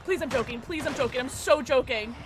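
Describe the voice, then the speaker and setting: A woman streamer giving live gaming commentary, excitable and playful, often squealing and laughing. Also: sits high, fairly quick, over loud music. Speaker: livestreamer.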